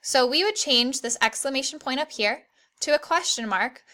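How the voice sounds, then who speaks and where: A young woman teaching an online grammar lesson to children, clear and encouraging, reading the examples slowly. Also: high voice, expressive, sharp tone.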